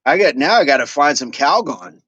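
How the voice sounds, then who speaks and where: A man's voice: fairly high pitch, expressive, normal speed, a bit bright, husky, no echo, lo-fi sound. A middle-aged man hosting a fitness livestream, chatting casually with viewers and repeating affirmations as he reads their comments.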